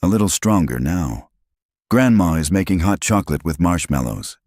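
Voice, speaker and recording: A man's voice: low voice, expressive, moderate pace, a little mellow, no echo, clean studio sound. A man voicing a small, scared but brave little girl on a walkie-talkie in a storybook narration, with a small, trembling voice.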